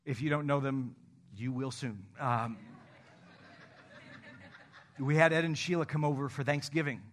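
A man preaching a conversational sermon as pastor, telling candid stories about himself and slowing into a soft, earnest prayer. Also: mid-range voice, a little hiss or hum. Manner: candid, self-deprecating storytelling; acts out phone calls in animated voices.

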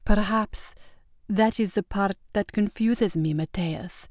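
A woman voicing a sly young countess who speaks slowly with mock-polite innocence. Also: mid-range voice, a little mellow, no echo, studio quality, natural voice. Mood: mock innocent.

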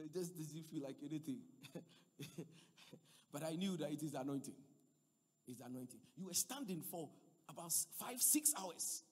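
A man preaching a sermon, swinging between loud emphatic passages and quiet asides. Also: a little high, husky, long reverb tail.

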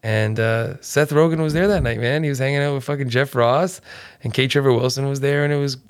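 A man's voice: mid-range voice, steady tone, fairly quick, clean tone. A man who is a stand-up comedian, chatting casually in a laid-back way, swearing often and calling people "man" and "dude". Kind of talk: casual podcast chat.

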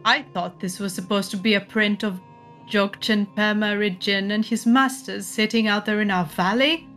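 A woman voicing a deliberate, commanding male monk in his fifties, speaking slowly and formally in a tabletop game. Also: mid-range voice, fairly even intonation, a bit bright, soft background music, lightly acted. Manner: slow and measured.

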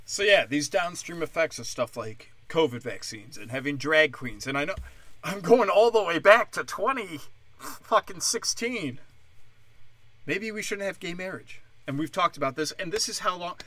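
A man's voice: on the high side, fairly bright tone, dry recording. A man ranting in heated, profane commentary as a podcast host, mocking the people he argues against.

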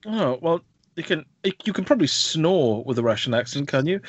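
Animated joking man reviewing films. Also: fairly high pitch, fairly quick, no echo, lo-fi sound. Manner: animated, jokey, mimics film voices. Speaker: podcast co-host. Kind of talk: casual film review chat.

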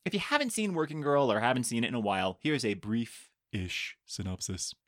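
A podcast co-host reads out a film plot in easy, joking chat, often restarting sentences. The pitch swings widely up and down. The voice sounds close and dry. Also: expressive, a little fast, no echo. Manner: chatty, jokey, many restarts and "like".

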